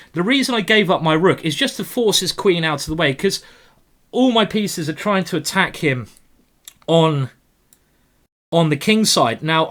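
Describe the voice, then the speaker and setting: On a live stream, a man provides commentary while playing blitz chess, calling out his moves and teasing his opponent as the fast games unfold. His voice is fairly high, and his manner is playful and excitable throughout.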